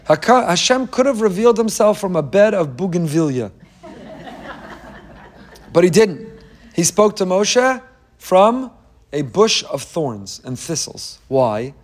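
A middle-aged man preaches a fervent sermon in a somewhat high-pitched voice. He keeps posing rhetorical questions and weaves in Hebrew quotations as he urges his listeners. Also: sing-song, a little slow, long pauses. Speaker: rabbi giving a Torah class.

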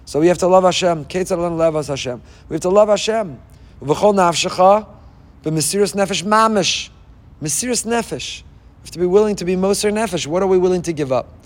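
A man with a high-pitched voice speaks briskly as a rabbi giving an impassioned sermon. He fires off rhetorical questions and weaves in Hebrew phrases, and the recording carries a long hall reverb.

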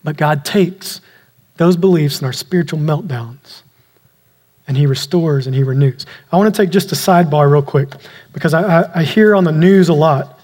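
A man preaching a sermon, earnest, slowing down and dropping quiet to stress key words. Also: a little high. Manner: earnest, slows down and drops quiet for emphasis. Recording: long reverb of a large hall.

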